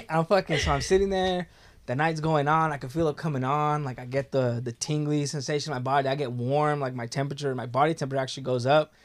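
Young man, fairly high-pitched, casual profane storyteller, laid-back co-host energy. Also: fairly even intonation, fast talker, slight background noise. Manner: profane, laid-back, heavy filler words.

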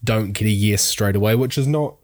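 A man's voice: on the low side, fairly quick, a little mellow, no room sound, clean studio sound. A young adult man, a wedding photographer with a sore throat, chatting casually with a rambling, hedging manner. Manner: rambling, hedging, many fillers. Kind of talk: casual podcast chat.

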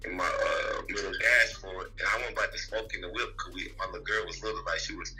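A man in casual podcast chat, telling his own story fast, with lots of swearing and fillers. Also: deep voice, steady tone, bright, forceful tone, faint music behind, rough recording.

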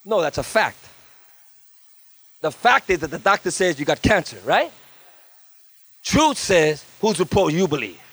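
A man's voice: sits high, unhurried, long pauses, slightly rough. A man preaching as a guest pastor at a church service, fervent, with story-telling asides and calls for amens. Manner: tells stories with lively asides. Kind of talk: sermon.

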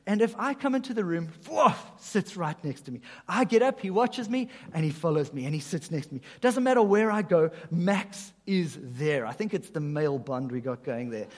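A male pastor preaching a sermon, swinging between emphatic loud phrases and soft, hushed lines. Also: sits high, expressive, a little fast, hardly any pauses. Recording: long reverb of a large hall.

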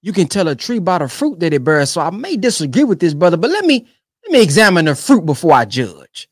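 A young man giving emphatic, animated commentary on a sermon clip he is reacting to. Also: high voice, brisk, breathy edge, no echo, studio quality. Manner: animated and emphatic, keeps urging "come on, man". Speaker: online commentator.

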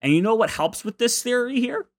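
A man's voice: very high-pitched, lively intonation, brisk. Profane ranting podcast co-host man. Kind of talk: casual chat.

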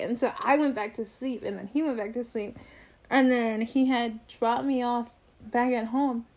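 Young woman, podcast co-host, chatty and animated, slightly high voice. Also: normal speed, vocal fry. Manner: animated, laughs often, acts out quotes. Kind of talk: casual storytelling.

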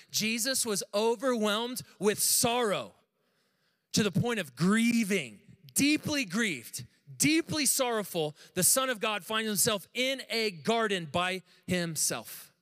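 Man preaching an animated sermon. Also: fairly high pitch. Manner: animated preaching, asks the congregation questions. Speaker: pastor.

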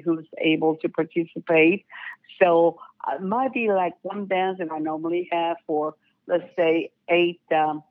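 An older woman who directs a folk dance group talks proudly and at length as a guest in a casual radio interview, a warm, rambling storyteller. Her voice is fairly low. The audio comes over a tinny, dry phone line.

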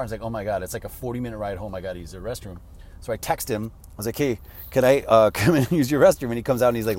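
A man's voice: mid-range voice, darkish tone. A man in a loose, rambling storytelling mode, chatting straight to his audience. His voice sits in an ordinary middle range, and his sentences wander through plenty of fillers. A faint outdoor hum runs underneath. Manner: rambling, upbeat, heavy on fillers like "you know" and "like". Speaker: vlogger. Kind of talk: casual storytelling to viewers.

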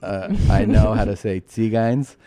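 Male podcast co-host, low voice, dry close-mic sound, laughs through his anecdotes. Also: a little slow, warm tone, dry recording. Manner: laughs often while telling stories, acts out quoted voices. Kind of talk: casual chat, storytelling.

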